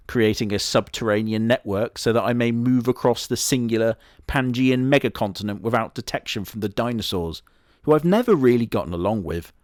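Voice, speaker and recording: Guy doing a deadpan bragging wolf, southwest english accent, dead dry sound, mid voice. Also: medium pitch, no room sound, close to an everyday voice. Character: deadpan boastful immortal male wolf. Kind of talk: comedy sketch character monologue.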